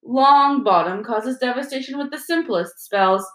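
A woman's voice: on the high side, unhurried, pitched above the performer's own voice, close to an everyday voice. A woman doing a sneering cold male teacher. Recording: roomy echo.

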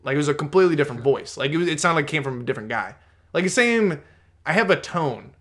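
A man's voice: on the high side, animated, fast talker, fairly bright tone. A man co-hosting a podcast, chatting casually in a rambling way that doubles back on itself, with some swearing. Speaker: podcast co-host. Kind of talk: casual chat.

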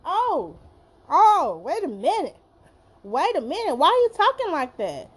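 A woman doing a shrill, sassy taunting woman. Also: very animated, slow pace, full character voice. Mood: mocking. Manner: shrill, taunting, sing-song.

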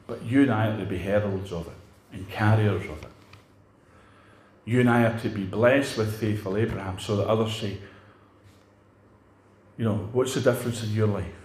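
A man's voice: lowish voice, normal speed, long pauses, darkish tone, reverberant. An older man preaching a sermon in a conversational way, putting rhetorical questions to his congregation.

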